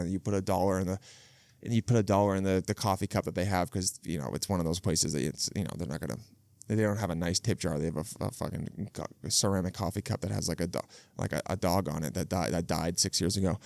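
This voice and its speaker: Talking quickly in a low, gravelly, slightly mellow voice with a steady tone, a solo podcast host in his thirties riffs through a profane, comedic, rambling monologue with many restarts. He's outdoors near water, captured dry on a video podcast camera setup.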